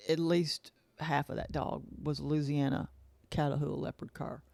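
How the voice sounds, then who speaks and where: A woman's voice: deep voice, level tone, normal speed, vocal fry, a little mellow, no echo. Rambling woman telling a story. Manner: rambling, repeats herself, acts out quoted dialogue. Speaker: vlogger. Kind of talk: casual storytelling monologue.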